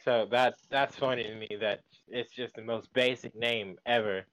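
Man, podcast co-host, casual chat, slangy, cussing, mid-pitched voice. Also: fairly even intonation, normal speed, a bit bright. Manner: slangy, profane storytelling.

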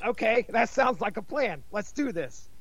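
A man's voice: high-pitched, animated, moderate pace, gravelly, over a noisy crowd. A man co-hosting a casual podcast, joking and swearing and acting out imagined dialogue. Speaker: podcast co-host. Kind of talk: casual chat about an album.

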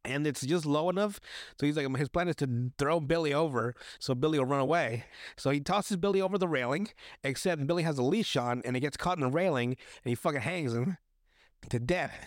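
A fairly high-pitched young man talks fairly quickly as he hosts a podcast recapping a TV episode. It's casual and crude, with lots of swearing, fillers, and rambling restarts. The sound is clean studio audio with no echo.

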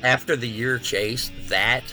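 Middle-aged man, bright, forceful voice, animated casual storyteller. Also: medium pitch, measured pace, soft background music. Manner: excited, animated storytelling with acted quotes. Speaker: guest.

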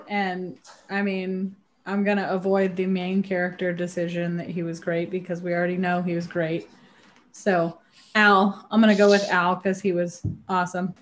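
A woman talking easygoing and casual about her favorite movie character. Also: medium pitch. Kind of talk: casual chat, movie review.

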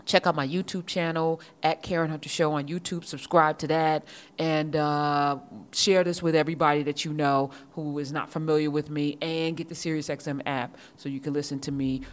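A woman's voice: low-pitched, fairly even intonation, moderate pace. A woman hosting a casual podcast monologue, talking with passion and firing off emphatic rhetorical questions. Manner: repeats words when starting a thought. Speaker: podcast and radio host.

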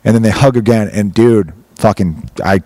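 A man's voice: fairly low pitch, normal speed, mellow, dry recording. A man in his thirties from Chicago, chatting casually on a podcast, rambling and swearing as he acts out scenes from a story. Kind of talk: casual chat, animated storytelling.

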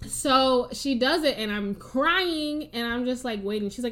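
A young adult woman co-hosting a casual chat, telling a story with animated, acted-out quotes. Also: unhurried. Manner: animated storyteller, acts out quotes with big pitch jumps. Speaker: podcast co-host.

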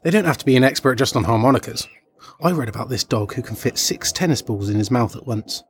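A man's voice: medium pitch, expressive, fast talker, slight background noise. A young man chatting on in a rambling, cheerfully oblivious way as a street entertainer in a comedy sketch.

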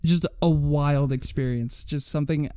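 A man's voice: a little high, steady tone, moderate pace, dark tone, smooth, no room sound. A young man co-hosting a podcast, telling a story in a rambling casual way with repeated words and frequent laughs. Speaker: podcast co-host.

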